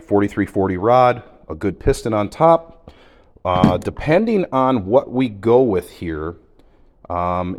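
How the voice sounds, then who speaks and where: A man walking through an engine build in a garage, in a relaxed, folksy, explanatory way. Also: fairly low pitch. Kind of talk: casual shop demonstration. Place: garage workshop.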